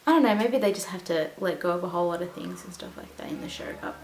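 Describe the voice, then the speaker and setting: A woman's voice: lowish voice, quick pace, a little mellow. Rambling woman vlogger, echoey room. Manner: rambling with many fillers. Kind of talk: casual chat. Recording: echoey room with faint hiss.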